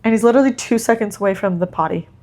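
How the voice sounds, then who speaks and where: A woman's voice: mid-range voice, very fast. A mother co-hosting a podcast, telling stories in casual chat with lots of laughter. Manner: animated storyteller who laughs often.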